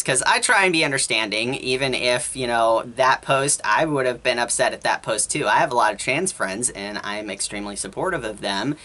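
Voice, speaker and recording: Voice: medium pitch, pushed and bright. A vlogger telling a long story in a rambling, exasperated way, often quoting both sides of an argument. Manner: rambling, exasperated, quotes others in conversation. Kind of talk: casual storytime rant.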